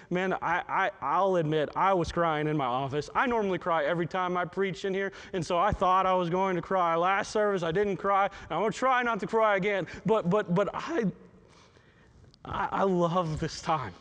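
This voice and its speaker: A male pastor preaching a sermon in a heartfelt way, often stumbling and repeating words as he talks. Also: fairly high pitch.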